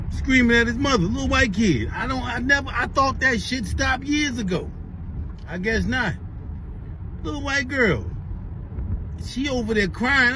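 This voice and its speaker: A man rants casually to his camera while headed to work, his voice pitched up high and his story rambling and full of cursing. Faint traffic and car hum sit underneath. He keeps circling back to his point. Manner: rambling, profane, animated retelling. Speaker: vlogger.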